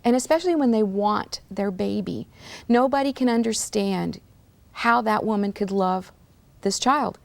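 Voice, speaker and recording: A woman in her sixties, a guest telling her personal story in an interview, earnest and slowing into a breathy near-whisper on emotional words. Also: mid-range voice.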